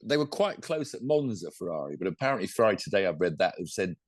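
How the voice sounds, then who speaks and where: A man's voice: low-pitched, very animated, fast, dry recording, clean studio sound. A man co-hosting a podcast, chatting casually about motorsport in a rambling, self-correcting way. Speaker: podcast co-host.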